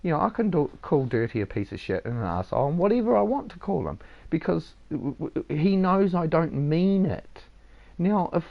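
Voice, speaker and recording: Gravelly man, lo-fi streamer rant. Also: fairly high pitch. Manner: rambling, swears a lot, says "mate". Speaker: game streamer. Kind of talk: casual lecturing chat. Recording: dull lo-fi sound.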